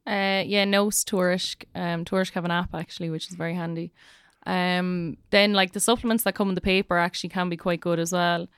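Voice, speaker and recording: A woman's voice: on the low side, flat delivery, a little fast, fairly bright tone, clean tone, no room sound. A young woman teacher with an Irish accent, chatting casually on a podcast and filling her speech with "like". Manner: chatty, lots of "like" fillers.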